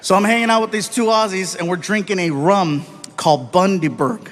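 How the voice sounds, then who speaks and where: Man, stand-up comedian, high voice, animated, live stage. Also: brisk. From United States. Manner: animated, acts out voices, swings between loud and soft. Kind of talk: stand-up storytelling.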